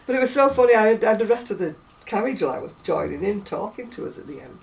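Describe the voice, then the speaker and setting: Chatty northern English woman, lively pitch. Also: fast, vocal fry. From northern England. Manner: chatty storyteller, laughs often. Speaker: crochet vlogger. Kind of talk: casual chat. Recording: distant mic, faint noise.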